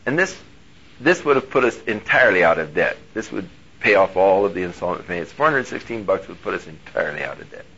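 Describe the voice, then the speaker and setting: A male pastor telling a personal story in a sermon, animated and moving between hushed and loud delivery. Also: deep voice, fast talker, husky. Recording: dull lo-fi recording.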